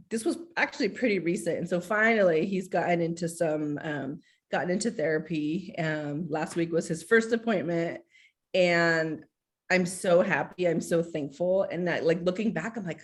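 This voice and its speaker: A woman in her forties speaks on a video call in a candid, heartfelt way, with her words full of filler likes. Her voice sits a little low for a woman. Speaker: school social worker. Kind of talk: casual video-call presentation.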